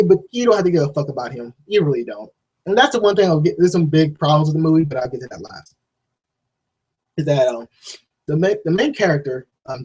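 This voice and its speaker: A man giving a casual, rambling spoken film review, swearing freely and restarting sentences, often jumping into a high, excited voice to act out scenes. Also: slightly rough, low-quality recording. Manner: jumps to high excited voice when acting out scenes.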